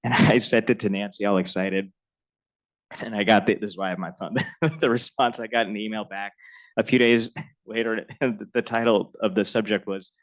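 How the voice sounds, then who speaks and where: A man's voice: medium pitch, measured pace, pauses often, poor audio. A middle-aged man on a lecture panel telling a personal anecdote about his mentor, laughing often and growing emotional as he talks.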